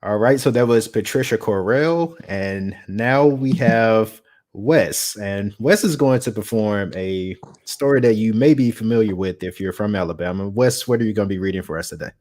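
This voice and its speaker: A man hosting a live reading event, introducing readers in a relaxed, casual way. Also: on the low side, moderate pace. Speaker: event host.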